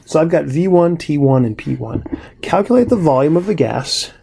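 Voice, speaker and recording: Laid-back guy explaining chemistry, low mellow tone, keeps saying right?. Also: normal speed, gravelly, a little hiss or hum. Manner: relaxed, conversational explaining with frequent "right?" and "all right". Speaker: chemistry teacher. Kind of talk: recorded classroom lecture.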